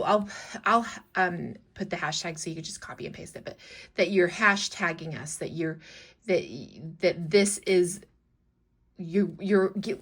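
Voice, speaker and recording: A woman talking through a crafting tutorial in a chatty, rambling way, with many fillers and restarts, now and then going soft while she works. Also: on the low side. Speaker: collage artist and shop owner.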